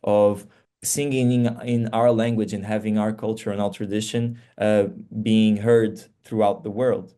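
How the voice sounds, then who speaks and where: A man's voice: on the low side, level tone, a little slow, warm tone. A young Portuguese man with a Portuguese accent, a singer chatting earnestly in an interview, with lots of fillers and restarts. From Portugal (Faro). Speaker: singer, guest. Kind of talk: casual interview chat.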